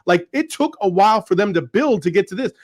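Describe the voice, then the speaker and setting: A man co-hosting a casual sports podcast, arguing his point in an animated way with many fillers. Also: high voice, a little fast. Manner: animated, argumentative, filler-heavy. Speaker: podcast co-host.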